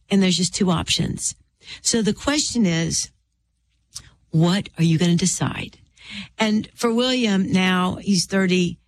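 A woman in her fifties speaks earnestly as an author on an interview, sharing a personal story of faith. Her voice sits at an ordinary middle pitch for a woman. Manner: earnest storyteller who acts out quoted voices.

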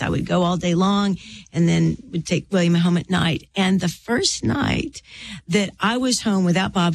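A woman in her fifties, an author interviewed as a guest, telling a personal faith testimony in an earnest, storytelling way. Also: lowish voice. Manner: earnest storyteller who acts out quoted voices.

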